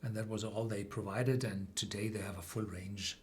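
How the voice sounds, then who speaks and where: A man's voice: on the low side, steady tone, moderate pace, a little mellow, a little hiss or hum. Man explaining whisky. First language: German. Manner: explanatory, hesitant with many fillers. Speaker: whisky tasting host. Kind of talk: live-stream tasting chat.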